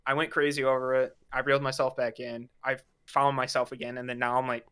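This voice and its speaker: A man's voice: mid-range voice, little pitch movement, brisk, pushed and bright, clear, resonant tone. A man in his twenties in casual podcast chat, rambling and swearing freely. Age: 20s. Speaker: podcast guest.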